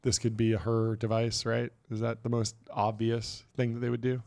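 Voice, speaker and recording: Guy cohosting a tech podcast, chatty, reads stuff out and riffs on it, mid pitch. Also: monotone, normal speed, vocal fry, a little mellow. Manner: chatty, reads quotes aloud and riffs on them. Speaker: podcast co-host. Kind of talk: casual tech news chat.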